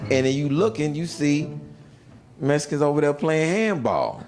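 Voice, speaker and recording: A man's voice: on the high side, big pitch swings, normal speed, a little mellow. A man doing stand-up, telling a prison story and acting out the people in it with shifting voices. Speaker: stand-up comedian.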